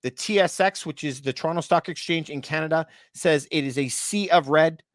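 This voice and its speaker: A man's voice: fairly high pitch, fairly quick, no echo, clean studio sound. A man in a casual monologue, explaining the economy to his viewers with rhetorical questions and now and then a short laugh at the absurd parts. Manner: chatty, rhetorical questions, addresses viewers as you guys; laughs at points he finds absurd. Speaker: real estate and market commentator.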